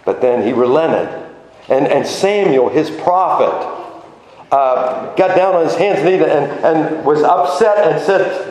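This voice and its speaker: A man preaching a sermon with animated emphasis, his voice swinging between high exclamations and low asides. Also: unhurried. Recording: very echoey room with faint noise.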